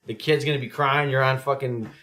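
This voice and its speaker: Fairly quick and mid-pitched, a male podcast co-host recounts stories animatedly during casual talk. He curses a lot and dramatizes other people's words as he quotes them.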